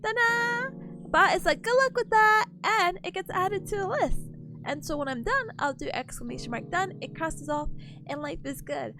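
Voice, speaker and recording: A woman's voice: sits high, lively intonation, moderate pace, over music. A young woman streaming as a VTuber, chatting playfully with her viewers, giggly and a little sniffly. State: sniffly, voice a bit worn. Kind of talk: casual chat with stream chat.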